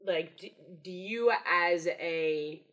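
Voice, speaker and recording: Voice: medium pitch, takes it slowly, a bit bright, rough recording. A podcast host who asks long, hesitant questions filled with "um" and "you know". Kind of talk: casual podcast interview.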